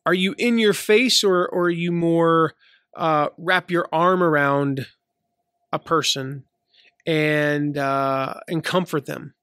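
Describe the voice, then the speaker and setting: A man's voice: a little high, steady tone, slow, fairly bright tone, smooth, no room sound, studio quality. A man in his thirties from the American South, with a light Southern accent, hosting a casual solo podcast, chatty and full of fillers and restarts. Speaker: podcast host.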